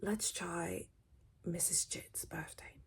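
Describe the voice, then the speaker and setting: A young British woman doing a whispered role-play, gossiping quickly and switching between whispers and a soft voice, close to the mic. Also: fairly low pitch, steady tone, breathy edge. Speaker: ASMR creator.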